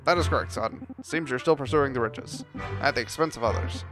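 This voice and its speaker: A man's voice: medium pitch, a little fast, music in the background, natural voice. A man voicing the ghost of a middle-aged father who lectures his son in a stern, parental way. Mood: chiding.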